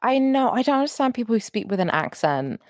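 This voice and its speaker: A woman's voice: a little high, big pitch swings, fast, no echo, clean studio sound. A young woman co-hosting a podcast in casual, sarcastic chat, swearing freely. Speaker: podcast co-host.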